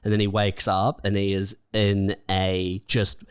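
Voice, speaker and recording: A relaxed man chatting on a podcast in a dry, close-miked sound. His voice sits at a middle pitch, and he laughs easily and lets his thoughts trail off. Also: unhurried, clean tone, no echo. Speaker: podcast co-host. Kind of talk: casual podcast chat.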